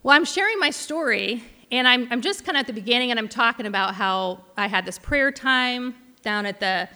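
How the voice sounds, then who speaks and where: A woman's voice: on the high side, lively intonation, normal speed, sharp tone, in a large hall. A woman pastor giving a heartfelt sermon, telling a personal story with frequent restarts. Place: large church hall.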